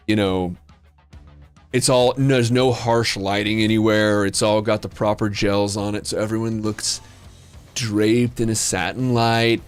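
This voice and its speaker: A man's voice: lowish voice, clean tone. A man running a tabletop role-playing game as game master, describing scenes with frequent restarts.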